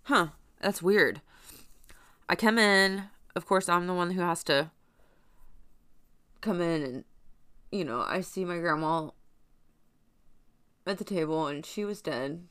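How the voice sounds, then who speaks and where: A woman's voice: lowish voice, takes it slowly, pauses often, fairly bright tone, clean tone, dry recording. A young woman casually telling a personal story in a blunt, profane, rambling way, full of fillers.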